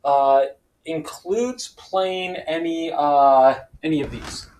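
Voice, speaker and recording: Man, fairly high voice, animated storyteller, reads board game rules aloud. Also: slow, slight background noise, poor audio. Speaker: board game player and host. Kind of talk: casual chat, reading game rules.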